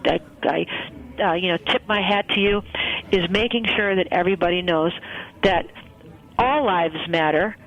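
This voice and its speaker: A woman's voice: on the low side, normal speed, highs cut off. A woman guest, a wedding and funeral celebrant, telling a personal story in a chatty way with many fillers. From United States. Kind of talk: casual storytelling interview.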